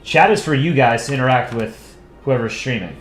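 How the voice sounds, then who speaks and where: A man's voice: mid-range voice, normal speed, faint music behind. A young man streaming live, casually chatting with his viewers and answering their messages while he draws. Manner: relaxed, chatty, answers chat while drawing. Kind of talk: casual livestream chat.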